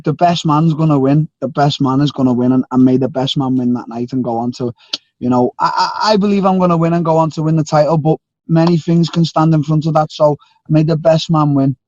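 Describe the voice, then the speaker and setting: A man's voice: a little high, fairly even intonation, fairly quick, a little mellow, no echo. A young man, a fighter guest on a video call, talking bluntly with swearing and laughing banter. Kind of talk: casual call-in chat. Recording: dull dry call audio.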